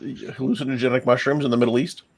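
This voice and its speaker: A man's voice: medium pitch, fairly even intonation, quick pace. A man in a casual group chat, making dry teasing remarks. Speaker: panelist.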